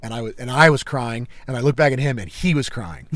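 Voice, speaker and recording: Podcast guy telling a story, emphatic, says dude a lot, middle pitch, dry close mic. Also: fast talker, a bit bright, dry recording. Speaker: podcast co-host. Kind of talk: casual storytelling chat.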